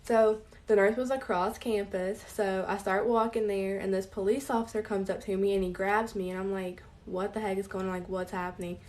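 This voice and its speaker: A woman's voice: medium pitch, steady tone, moderate pace, hardly any pauses, darkish tone. A young college-age woman telling a casual story time, with many fillers. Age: young adult. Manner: filler-heavy narrating. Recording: voice a bit distant from mic.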